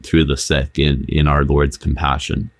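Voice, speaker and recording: A man's voice: rumbling low, level tone, a little slow, dry recording. A man, a pastor, explaining a scripture passage earnestly in a casual talk, with stammered starts.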